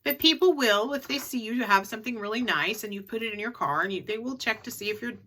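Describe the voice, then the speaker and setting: A woman's voice: on the high side, quick pace, sharp tone. A middle-aged woman in a casual advice vlog, chatty and repeating her key tips for emphasis. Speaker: reseller vlogger.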